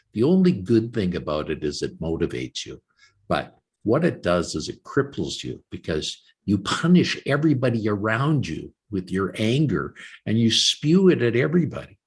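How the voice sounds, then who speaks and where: A man's voice: fairly low pitch, normal speed, slightly rough. A man in his sixties, a guest author from Canada, telling his story in an interview and acting out the voices of others as he goes. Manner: animated storyteller acting out quoted dialogue.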